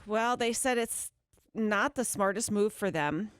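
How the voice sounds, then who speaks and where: A woman co-hosting a morning radio show, reading news items in a brisk, chatty way from a studio microphone. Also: medium pitch, no echo. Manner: brisk newsy delivery, quick laughs. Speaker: radio co-host.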